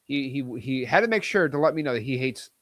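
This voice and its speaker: A man in his twenties hosting a casual livestream, talking in a hyped, boastful and excitable way. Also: medium pitch, brisk, dry recording. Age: 20s. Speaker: host.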